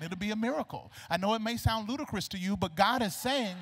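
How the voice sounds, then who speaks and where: A man preaching a sermon in a church, animated and colloquial, acting out the dialogue of the people in his story. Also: high voice, a little fast, hardly any pauses. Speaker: pastor. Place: church sanctuary. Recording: long reverb of a large hall.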